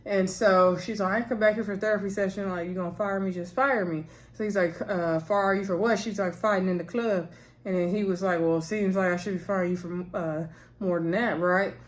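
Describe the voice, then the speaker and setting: A woman's voice: mid-range voice, fairly even intonation, brisk. A woman casually recapping a TV episode, animatedly acting out the characters' lines as she retells the scenes.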